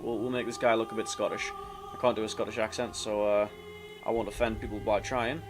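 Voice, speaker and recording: Male let's-play commentator, low voice, casual and self-deprecating, faint music bed. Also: level tone, a little fast. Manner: rambling and self-mocking, with fillers and restarts. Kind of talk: casual gameplay commentary, reading game text aloud.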